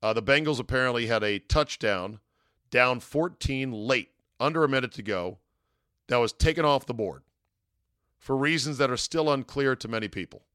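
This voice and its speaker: A man's voice: mid-range voice, moderate pace, sharp tone, clean tone, no room sound, studio quality. A man hosting a sports talk podcast, delivering a casual, digressive monologue with wry asides. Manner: wry, digressive, chuckles at his own asides.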